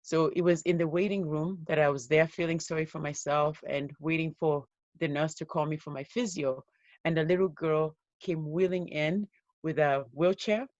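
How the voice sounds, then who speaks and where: A woman giving an interview as a guest, telling her own life story in an earnest, steady way. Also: deep voice, moderate pace, dry recording, dull audio. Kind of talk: personal story told in an interview.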